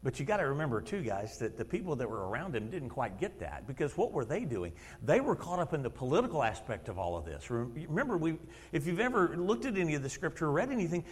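A man in his fifties preaching a sermon in a church, telling stories in an animated way, acting out quotes and laughing often. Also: fairly high pitch, fast talker, husky. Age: 50s. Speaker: lay preacher and schoolteacher. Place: church sanctuary. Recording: long reverb of a church hall.

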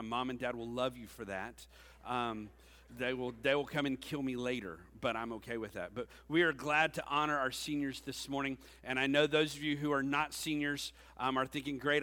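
A man's voice: medium pitch, bright, forceful tone. A man in his forties, a youth pastor giving a conversational sermon with joking asides to the congregation. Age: 40s. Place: church sanctuary. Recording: long reverb of a church hall.

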